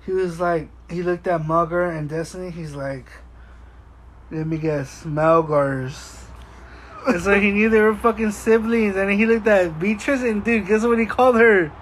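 A man's voice: sits high, normal speed, hardly any pauses, a little hiss or hum, poor audio. A young man telling a story in casual chat, profane and laughing often. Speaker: podcast co-host.

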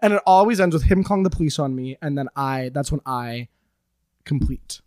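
A woman guest on a comedy podcast, telling an absurd improvised story with playful, theatrical deadpan. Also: deep voice, brisk, no echo.

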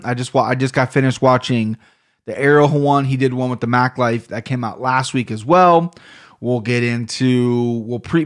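A man from Ohio with an Ohio accent, hosting a solo sports podcast in loose, rambling, profane casual talk, a bit low on energy. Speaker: podcast host. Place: home room.

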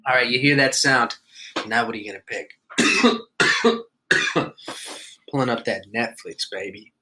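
A man's voice: medium pitch, unhurried, background noise. A man hosting a podcast solo, talking in a laid-back, joking, profane way. He has just woken up and coughs now and then. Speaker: podcast host. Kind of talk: casual podcast monologue.

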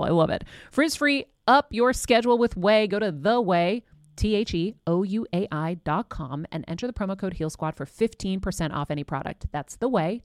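A woman's voice: fairly low pitch, darkish tone, no room sound, studio quality. A woman hosting a podcast, reading an ad in an upbeat, enthusiastic way. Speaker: podcast host reading ads. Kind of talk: host-read advertisement.

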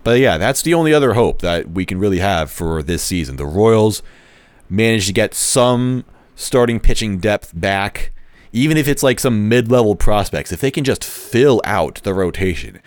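A man speaking on the low side, smooth and echo-free at normal speed with lively intonation, riffs solo as a baseball fan on a casual sports podcast. The talk meanders, he backtracks to correct himself, and his jokes are wry.

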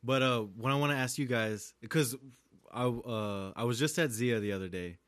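A man's voice: medium pitch, normal speed, a bit bright, dry recording. A man hosting a casual podcast chat, laid-back, laughing often and chiming in with jokes. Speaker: podcast host.

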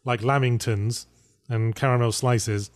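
A man's voice: medium pitch, steady tone, a little slow, dry recording. Dry-humored man chatting on a podcast. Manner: dry, wry delivery. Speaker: podcast co-host. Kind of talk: casual podcast chat.

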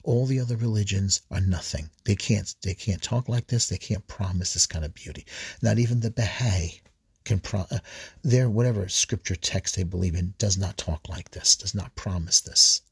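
On a dry recording, a low-pitched man speaks at a normal pace, preaching an earnest, repetitive reflection on scripture readings for a podcast. He often restarts phrases and clears his throat.

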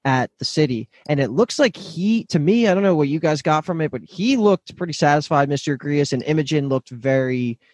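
A man's voice: fairly high pitch, lively intonation, fairly quick, hardly any pauses, a little mellow, no echo. A man hosting a casual podcast chat, recapping a TV episode scene by scene with small restarts.

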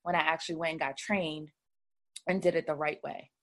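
Interview guest, woman with a lowish voice, relaxed storytelling, lots of fillers. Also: fast talker. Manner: chatty, telling her story with many fillers. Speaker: credit repair business owner, guest. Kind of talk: casual interview talk.

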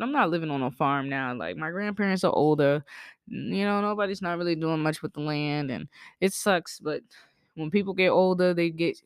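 A woman's voice: low-pitched, no room sound, clean studio sound. A woman from the American South with a Southern accent, telling blunt, profane stories as a podcast host. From Southern United States. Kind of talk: candid storytelling monologue.

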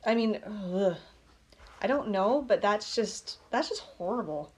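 A woman co-hosting a podcast, reacting to a crime story with quick exclamations, swearing and laughter. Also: mid-range voice, expressive, darkish tone. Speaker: podcast co-host. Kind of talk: casual chat, reacting.

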